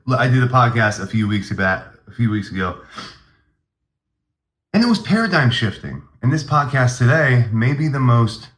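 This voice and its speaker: A man's voice: mid-range voice, fairly bright tone, echoey room. A man hosting a comedy podcast, rambling through a mock-grandiose, hyped monologue.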